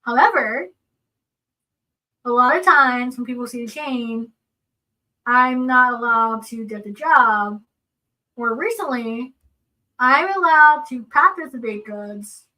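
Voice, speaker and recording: A woman co-hosting a casual seminar talk, earnest and explanatory as she works through personal examples. Her voice sits high and bright. She sounds a little distant from the microphone. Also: expressive, slow, pauses often. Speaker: seminar co-presenter.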